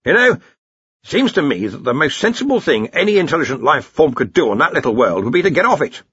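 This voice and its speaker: A man voicing a blustering older male wizard archchancellor, booming and hearty, in an audiobook. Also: sing-song, fast talker, a bit bright, husky, no room sound, highs cut off, full character voice. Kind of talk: audiobook character voice.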